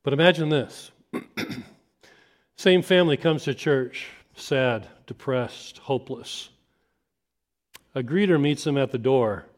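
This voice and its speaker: A man preaching a sermon, telling an imagined story and acting out the people in it. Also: medium pitch. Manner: storytelling, acting out scenes in quick voices.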